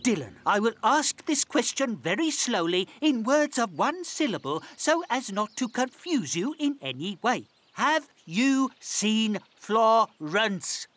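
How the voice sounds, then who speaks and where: Cranky sarcastic cartoon dog guy, highish voice, jumps up and down a lot, snippy, music behind. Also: very animated, normal speed, hardly any pauses, noisy background. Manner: exasperated, sharp-tongued, name-calling. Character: grumpy, sarcastic male dog turned into a snail. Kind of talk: children's cartoon voice acting.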